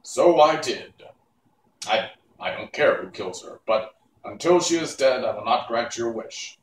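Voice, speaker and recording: A man's voice: medium pitch, animated, a little slow, roomy sound, far from the mic, a little hiss or hum, lightly acted, low-quality recording. A man reading aloud and voicing a lovely winged lady ruler who speaks in a grand, cold, demanding way. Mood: imperious. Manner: grand, imperious.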